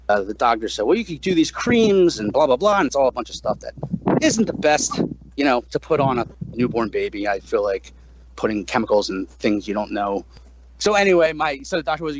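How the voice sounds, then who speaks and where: A man in his thirties, a guest musician in a casual podcast interview, talking animatedly, swearing freely and jumping up high when he quotes himself. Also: dull audio.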